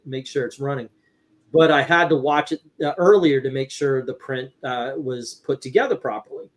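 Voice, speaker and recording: A middle-aged man hosting a casual chat, telling a rambling anecdote with restarts and swearing. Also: medium pitch. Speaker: livestream host.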